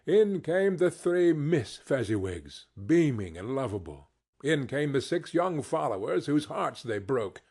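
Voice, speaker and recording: A man narrating a classic novel as an expressive audiobook reading. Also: medium pitch, a little slow, slightly rough. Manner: expressive, storytelling. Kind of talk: scripted narration.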